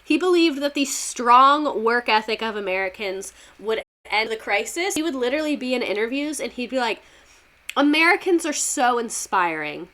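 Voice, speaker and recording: A woman's voice: fairly high pitch, animated, moderate pace, hardly any pauses, pushed and bright. Sarcastic, profane woman teaching history. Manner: sarcastic, profane, laughing asides. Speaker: history explainer, former teacher. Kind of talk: casual online history lesson.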